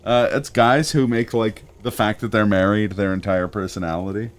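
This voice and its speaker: A man co-hosting a game livestream, chatting casually and retelling comedy bits with quick jokes. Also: lowish voice. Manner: animated storytelling, quick jokes and laughter. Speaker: livestream co-host. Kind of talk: casual chat while streaming a game.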